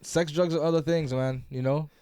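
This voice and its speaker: A man's voice: on the high side, steady tone, normal speed, warm tone, smooth, no echo, clean studio sound. A man hosting a podcast, telling a loose, profane story and laughing often. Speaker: podcast host. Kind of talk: casual chat.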